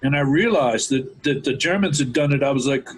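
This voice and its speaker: Fired-up husky-voiced male talk host. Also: mid-range voice, animated, brisk, poor audio. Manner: ranting, fervent, addresses listeners as folks. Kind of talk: impassioned political talk.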